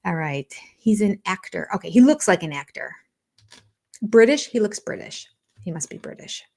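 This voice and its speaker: An older woman runs a laid-back live stream from her home, chatting and musing aloud as she reads through viewer comments. She often slips into soft, half-whispered asides. Her voice is medium in pitch, expressive and creaky, at a normal pace, in the style of a reality TV livestream host.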